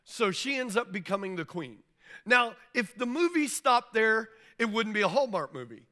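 In a church, a pastor with a high, bright, sing-song voice delivers a sermon at normal speed. He tells the story loosely and conversationally, acting out the figures' lines in plain modern speech.

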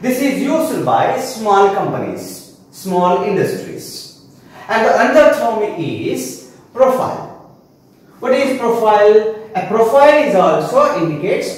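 High-voiced man teaching, echoey room. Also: recorded from a distance. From India. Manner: slow, explanatory, repeats terms with "means". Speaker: English teacher. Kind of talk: online class lecture. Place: classroom.

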